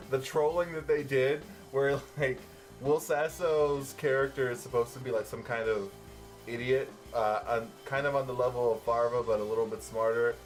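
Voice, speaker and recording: A man co-hosting a casual movie review podcast, relaxed and full of fillers, swearing freely. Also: medium pitch, normal speed, faint music behind. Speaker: podcast co-host.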